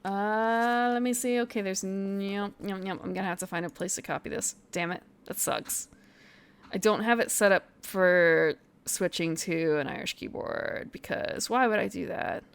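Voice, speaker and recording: A woman's voice: mid-range voice, moderate pace, clear, resonant tone. A woman streamer chatting casually on a live stream, thinking aloud, muttering to herself and sounding out foreign phrases.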